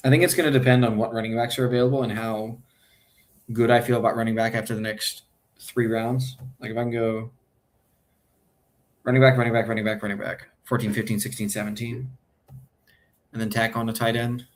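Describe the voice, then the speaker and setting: A man's voice: mid-range voice, flat delivery, fairly quick, long pauses. A man streaming his fantasy football draft, thinking aloud in a casual, hesitant way and correcting himself as he goes.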